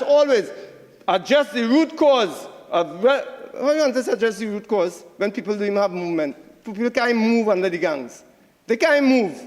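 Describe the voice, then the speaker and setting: A man's voice: extremely high pitch, in a large hall. A man with a Trinidadian accent giving a combative senate debate speech, repeating phrases for emphasis. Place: senate chamber.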